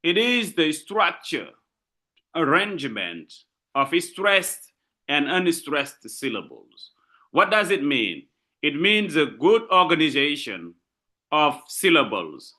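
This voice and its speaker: A male literature lecturer gives a university lecture slowly and repetitively, often checking in with "okay?" His pitch is lively.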